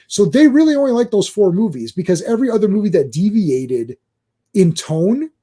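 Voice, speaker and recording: A man co-hosting a podcast in casual chat, animated, who acts out other people's complaints in mocking voices. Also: high-pitched, moderate pace. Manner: animated, mimics fans in mocking quoted voices. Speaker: podcast co-host.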